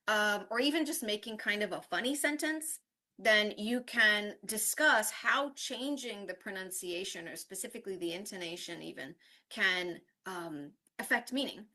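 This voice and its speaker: Bright-voiced woman presenting a teaching workshop. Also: on the high side. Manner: explanatory, checks in with frequent "right?". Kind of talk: online conference workshop presentation.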